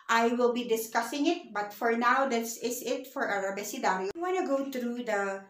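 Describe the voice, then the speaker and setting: A woman's voice: a little high, fairly bright tone, echoey room. A woman teaching a beginner language lesson, patient and repeating words for the learner to say back.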